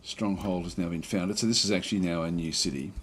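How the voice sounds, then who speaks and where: A man giving relaxed let's play commentary on a strategy game, thinking aloud with many fillers and restarts. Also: deep voice, quick pace, a little hiss or hum.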